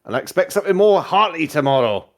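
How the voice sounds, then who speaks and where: A man's voice: fairly high pitch, animated, fast, vocal fry, voice pushed up. A man voicing a commanding woman ship captain in a tabletop game, curt and bossy in manner.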